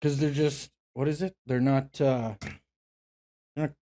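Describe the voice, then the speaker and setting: This man co-hosts a loose podcast, cracking deadpan jokes and swearing without a second thought. His voice is at a middle pitch for a man. He's recorded outdoors in a park. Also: a little slow. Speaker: podcast co-host. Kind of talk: casual chat.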